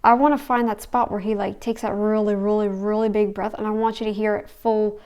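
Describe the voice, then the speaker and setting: A woman's voice: medium pitch, steady tone, fairly quick, darkish tone, clear, resonant tone. Sarcastic woman rambling through reaction commentary. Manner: rambling, sarcastic, talks back to the clip.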